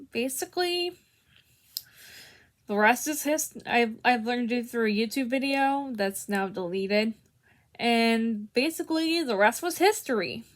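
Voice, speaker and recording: Slow-talking young woman teaching harmonica. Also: on the high side. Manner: hesitant, many restarts and fillers. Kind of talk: casual tutorial.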